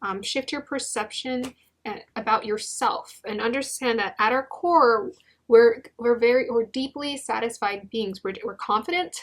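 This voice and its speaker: A young woman giving a gentle, encouraging tarot reading, with many restarts and fillers. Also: on the high side. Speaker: tarot reader.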